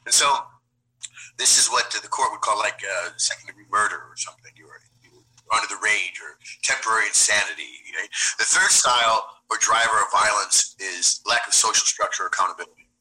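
A man's voice: fairly low pitch, a little fast, pushed and bright, low-quality recording. A man talking as a self-defense instructor in a casual interview, blunt, streetwise and profane.

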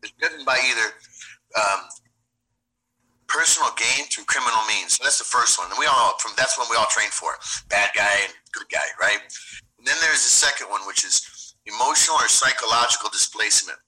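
Streetwise self-defense guy, blunt and cussing, really bright forceful voice. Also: medium pitch, a little fast, poor audio. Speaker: podcast guest, self-defense instructor. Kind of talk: casual interview talk.

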